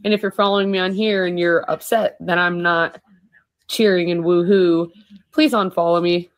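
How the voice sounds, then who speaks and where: Earnest woman with a lowish voice. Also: fairly even intonation, moderate pace. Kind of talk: personal social media statement.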